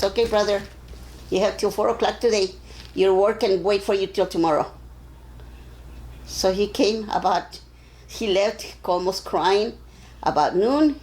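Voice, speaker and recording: An older woman from Arizona being interviewed, telling stories in a casual, animated way and acting out the voices of the people in them. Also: mid-range voice, rough recording. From Arizona, USA. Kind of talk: casual storytelling.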